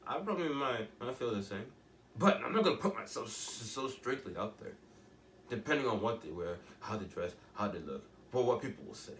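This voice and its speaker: A man's voice: mid-range voice, lively intonation, brisk, a bit bright, reverberant, recorded from a distance, a little hiss or hum. A teenage boy talking in a rambling, emphatic way, often restarting and asking rhetorical questions. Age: teens. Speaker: vlogger. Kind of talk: casual monologue to camera.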